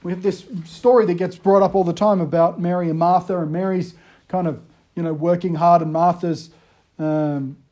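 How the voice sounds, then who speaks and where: A high-voiced pastor in his thirties, talking to his congregation like a friend. He tells stories against himself with animated energy. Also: normal speed. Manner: self-deprecating, animated storytelling. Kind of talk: casual conversational sermon.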